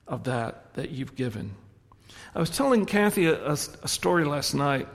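A man delivers a sermon in a church sanctuary, his voice sitting a little higher than most men's. He tells stories, swinging between quiet, reflective passages and lively, animated moments. A long reverb trails each phrase. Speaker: pastor.

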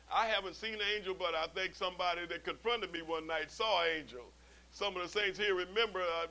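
The recording is rough, and the preacher's voice is high-pitched. Animated and funny in his asides, he tells stories through the sermon, frequently repeating words at the start of a sentence.

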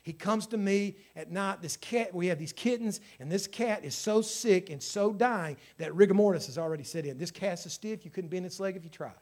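A man, preaching a sermon, swinging from loud exhortation to hushed storytelling. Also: high voice, a little fast, few pauses. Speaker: pastor.

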